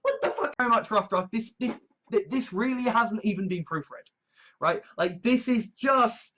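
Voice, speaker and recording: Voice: medium pitch, moderate pace, sharp tone, poor audio. A video essayist delivering a casual, rambling monologue full of profanity and emphatic asides.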